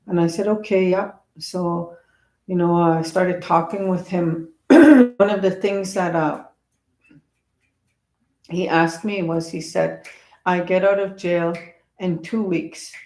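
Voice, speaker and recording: A woman, a traditional teacher, telling a personal story in an earnest, reflective way with pauses and hesitations. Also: lowish voice, steady tone, a little mellow. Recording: roomy echo.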